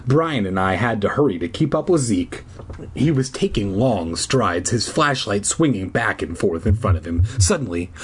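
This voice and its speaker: A man with a mid-range, slightly breathy voice casually reads a spooky children's story aloud despite a sore throat, swearing in his asides.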